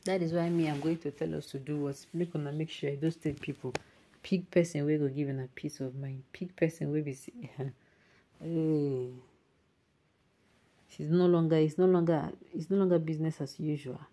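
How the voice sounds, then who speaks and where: A woman's voice: sits low, steady tone, moderate pace, dark tone. A woman with a Nigerian accent hosting an online news show, reading viewer comments aloud and mixing in emphatic Pidgin asides.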